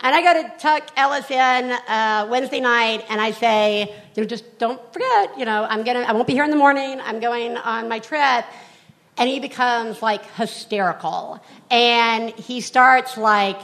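Brash high-pitched female co-host, gravelly fry, mock-scolding live on stage. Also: normal speed, a bit bright. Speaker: podcast co-host. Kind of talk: live comedy podcast chat. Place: live stage before an audience.

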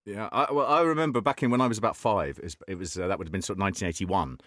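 A man in his forties, a panel guest telling a comic story with halting repetitions. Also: fairly low pitch, fairly bright tone, dry recording, clean studio sound.

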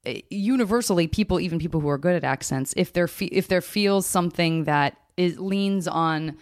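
A woman's voice: on the low side, moderate pace. A woman with a General American accent hosting a podcast, chatting casually and rambling with self-deprecating humor. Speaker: podcast host. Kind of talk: casual chat.

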